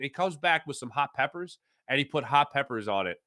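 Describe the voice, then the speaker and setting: A male show host chatting casually on a live stream, reading out viewer comments. He rants in a playful, opinionated way, full of fillers and restarts, at an ordinary middle pitch. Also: expressive, a little fast, pushed and bright.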